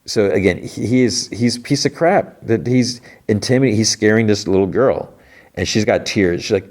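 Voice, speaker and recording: A man's voice: fairly low pitch, normal speed. A man hosting a podcast, casually recapping a TV episode and acting out lines of dialogue. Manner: retells scenes, acting out dialogue. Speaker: podcast host.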